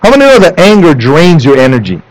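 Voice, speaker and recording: A man preaching a sermon in church, animated, rising into loud emphatic lines and dropping to low asides for the congregation. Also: quick pace, dry recording, poor audio. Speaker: pastor. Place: church sanctuary.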